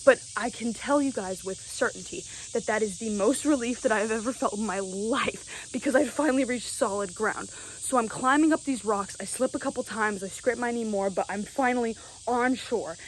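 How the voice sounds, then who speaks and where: A young woman telling a story to camera in a casual, animated way, often checking in with "right?". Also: fairly high pitch, moderate pace, a little hiss or hum, low-quality recording. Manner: animated, keeps asking "right?". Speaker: vlogger.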